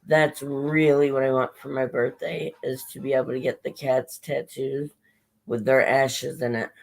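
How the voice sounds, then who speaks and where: A woman's voice: a bass voice, flat delivery, moderate pace, creaky, darkish tone, rough recording. A woman talks loosely to her livestream viewers, drifting from one thought to the next and cursing now and then. Her voice is strained, and she runs short of breath as she goes. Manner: rambling, chatty, swears casually, greets viewers by name. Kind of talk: casual livestream chat.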